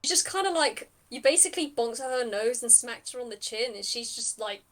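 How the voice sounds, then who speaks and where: A woman with a fairly high voice runs a tabletop game as game master. She is chatty and thinks out loud, filling her narration with ums and small asides. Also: expressive, fairly quick. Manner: chatty, thinks aloud, many fillers.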